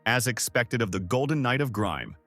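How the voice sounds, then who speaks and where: A man voicing a fawning, flattering middle-aged viscount, heaping praise on a guest in a story recap. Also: mid-range voice, moderate pace, dry recording, faint music behind. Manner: flattering, ingratiating.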